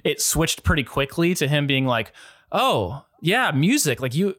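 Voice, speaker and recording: A man's voice: a little high, very animated, unhurried, a bit bright, no room sound, studio quality. A man who is a music producer, chatting as a guest in an enthusiastic, rambling way with lots of "like". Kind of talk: casual interview chat.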